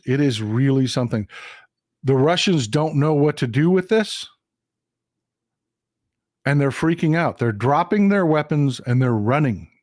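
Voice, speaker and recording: This political commentary livestream features a Texan host who goes over a map and stresses points by repeating lines emphatically. His voice is mid-range and a little mellow, and the recording is dry and of studio quality.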